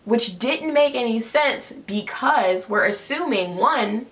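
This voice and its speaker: A woman's voice: fairly high pitch, animated, slow pace, fairly bright tone. Opinionated woman hosting a casual review. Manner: opinionated, conversational. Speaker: host.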